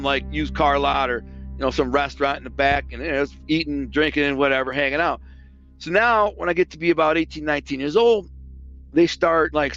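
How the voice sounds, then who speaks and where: A man's voice: on the high side, muffled recording. A man from the Detroit area telling stories in a casual, streetwise way, acting out the dialogue as he goes. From Detroit area, United States. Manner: streetwise, animated, acts out dialogue. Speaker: guest, former mobster. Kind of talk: casual storytelling.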